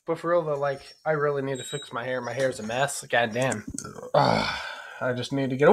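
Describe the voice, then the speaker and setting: A young man vlogging in a goofy comic way, often yelling and joking loudly. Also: medium pitch, steady tone, a little fast. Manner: loud, yelling, jokey, swearing. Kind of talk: goofy comedy vlog.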